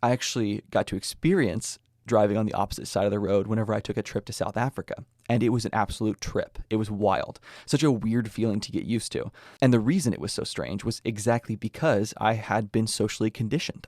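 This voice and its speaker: Low-voiced American man explaining earnestly. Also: steady tone, fast talker, hardly any pauses, darkish tone, dry recording, clean studio sound. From United States. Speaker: podcast host. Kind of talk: scripted explanatory talk.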